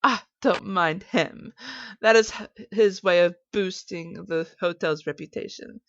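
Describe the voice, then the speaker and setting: A woman's voice: mid-range voice, a little slow, no room sound, lo-fi sound, lightly acted. Woman playing Atia, a haughty rich woman. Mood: cool, dismissive. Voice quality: curt, dismissive. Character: cold, haughty rich hotel-owner woman.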